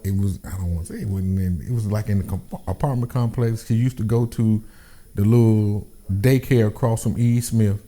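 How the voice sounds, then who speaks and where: A man's voice: fairly low pitch, steady tone, moderate pace, warm tone. A man who is a guest on a casual podcast, answering hesitantly as he searches his memory.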